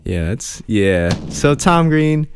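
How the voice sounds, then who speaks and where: A man's voice: fairly high pitch, big pitch swings, takes it slowly. A man hosting his own podcast alone, rambling in a casual, chatty way as he talks to the camera. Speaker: podcast host. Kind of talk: casual solo podcast chat. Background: music playing.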